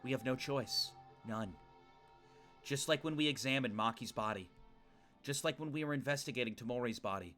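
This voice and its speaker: A man voicing a grim, grieving teenage boy hero, reading game dialogue aloud in a quiet, solemn way. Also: medium pitch, moderate pace, soft background music, lightly acted.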